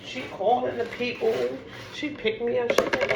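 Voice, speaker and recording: A woman from Harlem, telling a personal story in a casual, animated way and peppering her talk with "like". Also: on the high side, normal speed. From Harlem, New York. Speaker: storyteller vlogger. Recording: echoey room with background noise.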